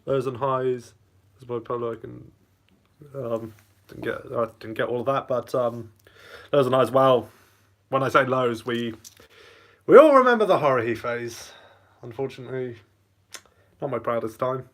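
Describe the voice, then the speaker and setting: A man's voice: mid-range voice, little pitch movement, normal speed, long pauses, fairly bright tone. A man hosting a casual live Q&A, reading chat aloud and rambling between bites of lunch. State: eating lunch while talking. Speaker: channel host.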